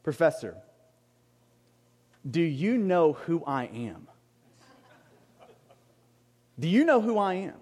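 A man's voice: fairly high pitch, big pitch swings, a little slow, a little mellow, big-room sound, pitched below the performer's own voice. A man doing a pushy, insistent young student. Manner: insistent, repeating himself. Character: brash young male student, insistent and demanding.

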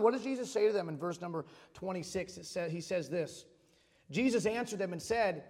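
A man's voice: high-pitched, animated, a little fast, a little mellow. A man in his thirties preaching a casual, conversational sermon, telling stories and repeating phrases for emphasis. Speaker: pastor. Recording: long hall reverb.

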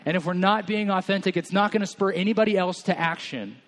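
A man in his thirties delivers a sermon from a church pulpit in a relaxed, confessional way. His voice sits a little higher than most men's. He talks like a friend, not a lecturer. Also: fast talker. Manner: candid, conversational, self-deprecating. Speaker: senior pastor.

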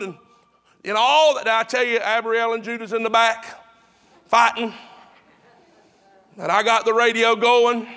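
A man's voice: very high voice, fairly bright tone. A pastor preaching to his congregation in a chatty, repetitive way, with emphatic restarts. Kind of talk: sermon.

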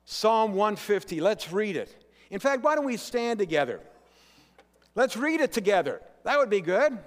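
A man's voice: high-pitched, big pitch swings, moderate pace. A middle-aged man preaching a sermon as pastor in a church, earnest and emphatic, drawing the congregation into call-and-response. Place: church sanctuary. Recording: long hall reverb.

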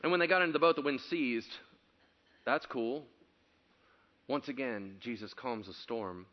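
A male pastor preaching a sermon, telling stories animatedly, acting out quotes and building to loud excited passages. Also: mid-range voice, unhurried, highs cut off.

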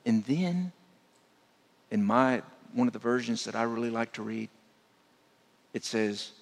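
A man preaching a sermon as a guest speaker, dropping to a hushed voice to make his points. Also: mid-range voice, animated, measured pace, creaky, pauses often. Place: church sanctuary. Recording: long church hall reverb.

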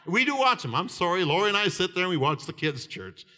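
An older man in his seventies delivers a fervent sermon in a high voice. His tone is bright and ringing, and he tells stories with laughter and shouted peaks. The sound carries a long hall reverb. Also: very animated, fast talker. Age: 70s. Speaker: preacher.

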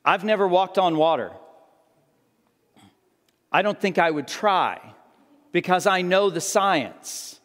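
High-voiced man preaching in a reverberant hall. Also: animated, takes it slowly, long pauses, a bit bright. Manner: conversational, acts out the disciples' voices. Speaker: pastor. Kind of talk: sermon.

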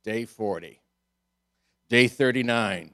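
A male pastor delivering a sermon in a voice of ordinary middle pitch. He retells the scripture with animated, amused energy and breaks into chuckles along the way. He restarts and doubles words as he leans into a point. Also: slow, creaky.

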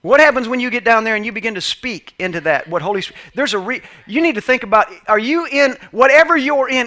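A man preaching a sermon with passion, swinging between loud calls and quiet asides. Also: high-pitched. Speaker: pastor.

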